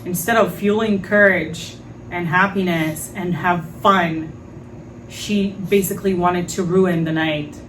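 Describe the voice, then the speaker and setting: Brief: woman podcast host, fairly low voice, frank and animated storytelling, faint hiss behind her. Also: measured pace, recorded from a distance, rough recording. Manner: animated, frank, swears, many fillers. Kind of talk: casual storytelling monologue.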